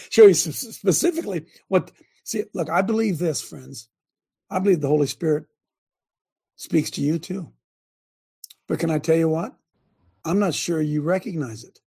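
A man's voice: on the high side, creaky, a little mellow, slightly rough. An older man hosting a show, preaching in a fervent, rambling way full of restarts. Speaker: host and preacher. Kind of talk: preachy livestream talk.

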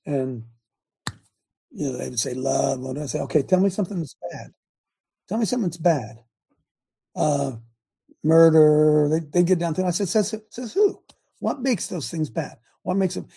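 An older American man talks in a gravelly, very dark voice with a husky edge. He preaches his views emphatically, repeating words and circling back mid-sentence. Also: fairly high pitch. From United States. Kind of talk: opinionated Christian talk.

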